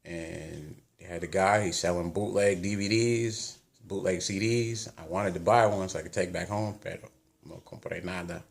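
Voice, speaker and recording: A man from the United States tells a casual travel story in a low voice with plenty of gravel and fry. He talks in an animated way and keeps acting out the lines people said to him. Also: moderate pace. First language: English. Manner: chatty, animated retelling with quoted dialogue. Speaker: vlogger.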